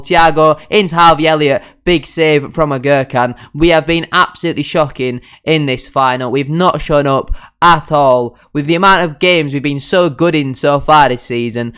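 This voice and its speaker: A man's voice: on the high side, a bit bright, clean tone. A young man commentating his own football management game, frustrated and self-critical as he calls the play. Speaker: gaming YouTuber.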